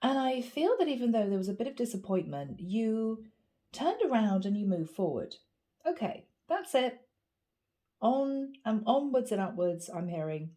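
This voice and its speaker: A woman with a gravelly voice from a cold, giving a chatty, animated tarot reading. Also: a little high, moderate pace. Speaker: tarot reader. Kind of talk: casual spoken tarot reading.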